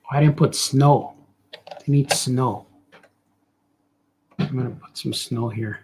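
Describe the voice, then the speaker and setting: A man's voice: mid-range voice, fairly even intonation, takes it slowly, a little mellow, a little hiss or hum. A man cartoonist chatting casually and thinking aloud as he draws, rambling and cracking jokes. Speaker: cartoonist drawing on a show. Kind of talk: casual commentary while drawing.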